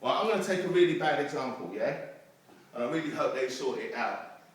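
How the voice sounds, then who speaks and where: A man's voice: mid-range voice, brisk. A man giving a motivational talk to young people, telling stories and acting out the crowd's voices, heard in a hall. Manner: storytelling, animated, acts out crowd voices. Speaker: motivational speaker. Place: youth centre hall. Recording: distant mic in an echoey room.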